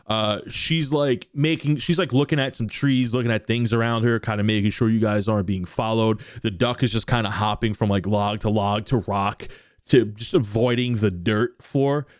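A man running a tabletop game as game master, narrating scenes in a relaxed, rambling way. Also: lowish voice, moderate pace, dry recording, studio quality. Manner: relaxed, rambling description with many fillers.

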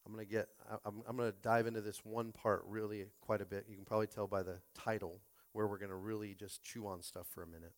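A man's voice: fairly low pitch, little pitch movement, fast talker, few pauses. A man preaching a Sunday sermon as pastor, stumbling over repeated words and rallying his listeners.

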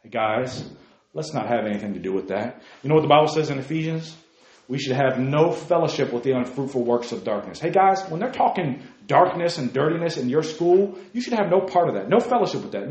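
A man preaching a sermon to a youth group, fervent and emphatic, repeating his key phrases and talking fast. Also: fairly high pitch, expressive, a little mellow, roomy sound. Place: meeting room.

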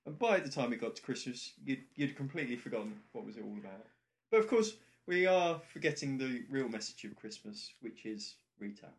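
A man trading jokes on a relaxed podcast. His voice sits in an ordinary middle pitch, and his delivery is playful and loose, often breaking into laughter at his own lines. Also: brisk. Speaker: podcast co-host. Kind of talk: casual comedic chat.

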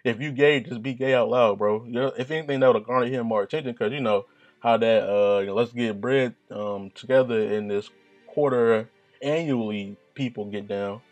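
A man with a deep voice talking in a rambling, profane, laid-back monologue, often laughing at himself. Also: moderate pace, faint music behind. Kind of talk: casual monologue.

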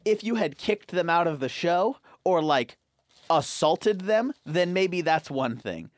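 A man's voice: fairly high pitch, animated, unhurried. A man co-hosting a podcast in casual chat, ranting in exasperation and swearing freely. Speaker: podcast co-host.

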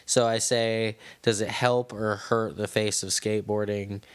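A man's voice: lowish voice, little pitch movement, measured pace, smooth. A man co-hosting a casual podcast chat, rambling loosely and laughing easily. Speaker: podcast co-host.

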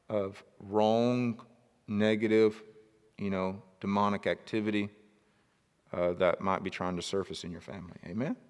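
A man preaching a sermon in a casual, jokey storytelling way, breaking into shouted outbursts. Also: fairly low pitch, smooth, big-room sound. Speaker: pastor.

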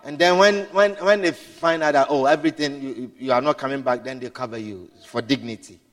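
A man's voice: medium pitch, fairly quick. Man preaching in a reverberant hall. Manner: swings between hushed storytelling and shouted exclamations, repeats words; punctuates with hallelujah and amen. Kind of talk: sermon.

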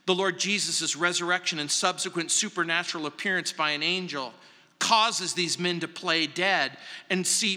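A male pastor preaching slowly and deliberately, his high, bright voice carrying a long reverb through a large church hall. He leans on single words and often drops to a quiet, earnest tone. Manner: slow, emphatic preaching with long pauses, dropping soft for stress. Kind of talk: verse-by-verse sermon.

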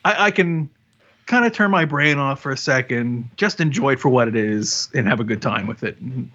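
A man co-hosting a casual film talk show, speaking in a relaxed, easygoing way. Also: medium pitch, moderate pace, muffled recording. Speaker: podcast co-host. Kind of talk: casual film review chat.

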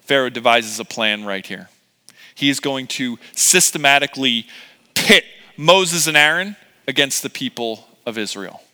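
A man preaching a sermon, retelling scripture and acting out its characters in casual, animated voices. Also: mid-range voice, a little slow. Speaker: pastor. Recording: long hall reverb.

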